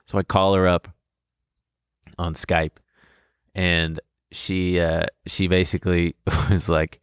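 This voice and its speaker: A young man with a low, smooth voice recounts a story in relaxed podcast chat. He rambles and laughs at himself as he goes. The sound is dry and close. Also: slow pace, pauses often, dry recording. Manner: rambling, self-deprecating, laughs through his story. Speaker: podcast co-host.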